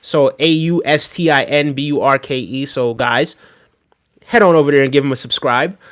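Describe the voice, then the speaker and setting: A man's voice: medium pitch, moderate pace, fairly bright tone. A man streaming live, reacting to a video and answering his chat in an emphatic, casual way, often tagging his points with "right?". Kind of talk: casual livestream reaction commentary.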